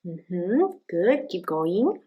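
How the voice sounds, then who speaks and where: A woman playing a mother in a demonstration skit, gently coaching her child to sound out words step by step. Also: on the low side, lively intonation, drawn-out words, narrow, tinny audio. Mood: encouraging. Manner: gently encouraging, prompting step by step. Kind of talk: acted parenting demonstration skit.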